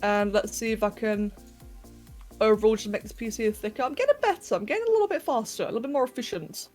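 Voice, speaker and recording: A woman's voice: a little high, animated, quick pace, darkish tone, faint music behind. Chatty, giggly young woman streamer. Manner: chatty and giggly, chatting to viewers while working. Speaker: game streamer. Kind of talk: casual livestream chat while playing a game. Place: home bedroom.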